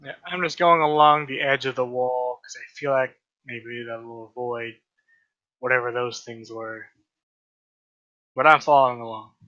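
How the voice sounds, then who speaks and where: A man's voice: medium pitch, steady tone, moderate pace, sharp tone, lo-fi sound. A man chatting casually as a player in a tabletop game, joking and swearing.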